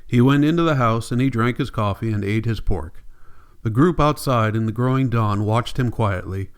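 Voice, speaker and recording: A man narrating an audiobook in a calm, even storytelling voice. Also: mid-range voice, normal speed, clean tone. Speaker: audiobook reader.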